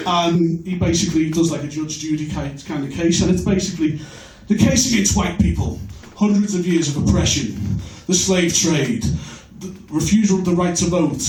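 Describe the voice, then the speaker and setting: High-voiced comic on a club stage. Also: male voice. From Birkenhead, England. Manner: deadpan, crude self-mocking delivery. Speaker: stand-up comedian. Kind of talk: stand-up comedy set. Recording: echoey club, recorded from far off.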